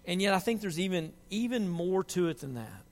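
A man preaching a sermon, moving from quiet reflection to loud, impassioned pleading. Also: high voice, big pitch swings, brisk. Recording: long hall reverb.

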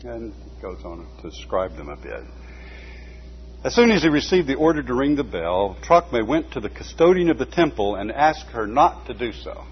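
A man reading a book aloud at a measured pace, stopping now and then for short asides. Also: mid-range voice, big pitch swings. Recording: dull lo-fi recording with faint hum.

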